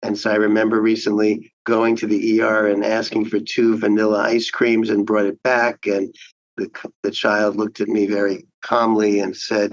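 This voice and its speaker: A man, a child psychiatrist, giving measured, explanatory answers in an interview. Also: fairly low pitch, monotone, no echo, muffled recording.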